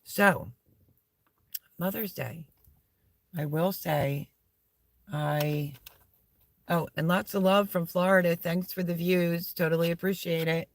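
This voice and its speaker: Middle-aged woman, casual live-stream host, gravelly fry, unhurried rambling delivery. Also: on the low side, steady tone. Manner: rambling, chats to her dog between thoughts. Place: small camping setup indoors.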